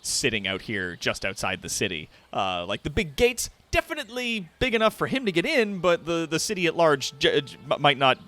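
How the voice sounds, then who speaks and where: A man narrating a tabletop game as game master, animated and laughing often. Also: on the high side, brisk, hardly any pauses.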